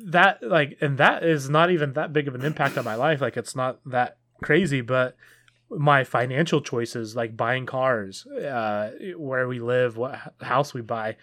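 A man's voice: mid-range voice, a little slow, a bit bright. A man in his early thirties co-hosting a casual podcast, rambling and correcting himself, with frequent laughs. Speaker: podcast co-host.

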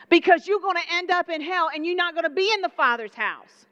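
A woman preacher with a Southern accent, delivering an animated, conversational sermon with playful asides. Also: very high-pitched, fairly quick. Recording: dull lo-fi sound.

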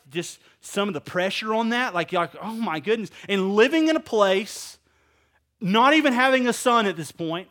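A man preaching a sermon in a casual, animated way, quizzing his listeners. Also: sits high. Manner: animated preaching, asks the audience questions; casual wording. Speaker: pastor.

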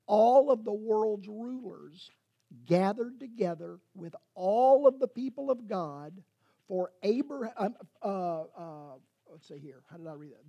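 A man's voice: sits high, animated, normal speed, gravelly, darkish tone. A man, a pastor preaching a sermon in a rambling, self-correcting way and teasing his congregation.

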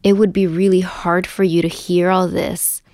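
A woman teaching a calm, gentle lesson, often dropping to a soft whisper as she explains. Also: on the low side, normal speed, no room sound, clean studio sound. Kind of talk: instructional talk on inner parts work.

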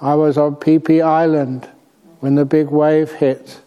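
A man acting as a Buddhist teacher, telling a story to an audience in an unhurried way with light humor. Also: a little high, little pitch movement, clear, resonant tone, muffled recording.

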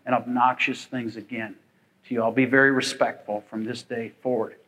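Sorry-sounding talking parrot, soft and hushed, done by a male preacher in a joke. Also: medium pitch, level tone, normal speed, natural voice, rough recording. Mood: sheepish pleading.

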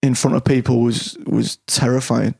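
A man's voice: medium pitch, fairly even intonation, moderate pace, gravelly, darkish tone, breathy edge. Guy on a chat podcast, frank, self-mocking, swears a lot, lots of false starts. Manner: candid, self-deprecating, sweary, many restarts. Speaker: podcast guest. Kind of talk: casual chat.

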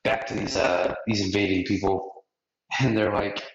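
A low-voiced man loosely recapping an episode in slangy, rambling talk. The sound is echoey and muffled, like a lo-fi podcast in a bare room. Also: level tone, moderate pace, slight background noise. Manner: rambling and slangy, acts out quotes. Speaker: podcast host recapping an anime. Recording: roomy, dull lo-fi podcast audio.

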